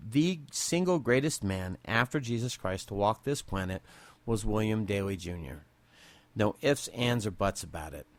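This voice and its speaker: A man's voice: on the low side, no echo. A man in his forties from Southern California, hosting a podcast and telling personal stories off the cuff in a candid, emotional way, often restarting his sentences. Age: 40s. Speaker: podcast host. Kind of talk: unscripted personal storytelling.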